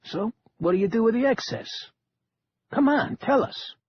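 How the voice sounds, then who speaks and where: A man voicing a crude, menacing male casino owner who sneers and insults, with a gravelly voice. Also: very high-pitched, expressive, moderate pace, dull audio, voice pushed up, exaggerated voice. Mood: sneering. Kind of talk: audiobook character voice.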